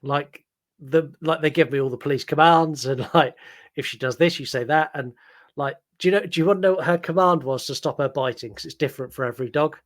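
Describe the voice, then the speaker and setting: A man's voice: a little high, a little fast. A man co-hosting a podcast, chatting casually and rambling through a film recap with many "like"s and "um"s. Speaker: podcast co-host.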